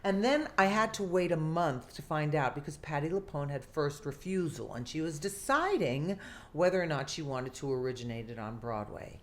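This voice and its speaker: An older woman, an actress telling a lively story from her career in an interview, often acting out what people said. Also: low voice, moderate pace. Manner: animated, theatrical storyteller who acts out quotes. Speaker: guest actress.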